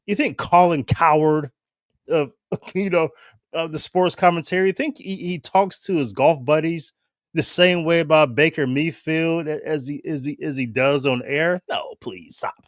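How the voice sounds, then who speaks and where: A man from Ohio hosting his own show, talking in animated, casual commentary and laughing often. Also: on the high side, normal speed, no echo, studio quality. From Ohio, United States. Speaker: show host.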